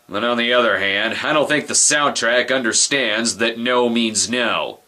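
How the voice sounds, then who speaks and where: A man's voice: mid-range voice, lively intonation, normal speed, few pauses, sharp tone, slightly rough. A man hosting a comedic movie review, sarcastic and wisecracking. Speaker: film reviewer host.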